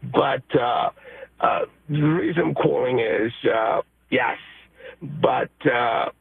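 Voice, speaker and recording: A hoarse man from New York calling in to a radio show, excited and emotional, halting with many fillers. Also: medium pitch, no room sound. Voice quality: raspy, gravelly. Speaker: caller. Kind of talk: radio call-in. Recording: tinny phone line.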